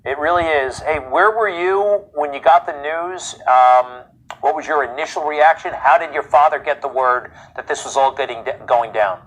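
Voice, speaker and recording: Tv news host guy, bit high voiced, quick friendly questions. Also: a bit bright, poor audio. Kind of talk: live TV news interview.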